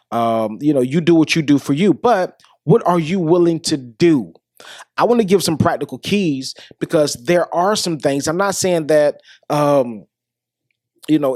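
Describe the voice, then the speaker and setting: A man's voice: a little high, darkish tone, no room sound, clean studio sound. A man hosting a podcast who talks to his listeners about dating in a casual, preachy way and repeats his questions for emphasis. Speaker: podcast host. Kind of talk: casual monologue on relationships.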